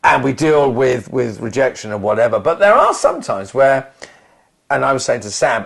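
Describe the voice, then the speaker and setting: A man co-hosting a chatty podcast, telling a story with plenty of restarts. His pitch swings widely as he talks. He sounds lively and expressive. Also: normal speed, vocal fry. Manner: animated storyteller, many restarts. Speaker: podcast co-host, actor. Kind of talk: casual anecdotal chat.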